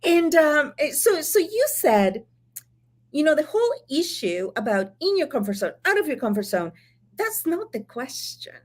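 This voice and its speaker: A woman's voice: sits high, normal speed. A woman with a Spanish accent, co-hosting a casual mentoring discussion, often laughing as she tells stories. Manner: laughs often, animated storytelling. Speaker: mentor and co-host.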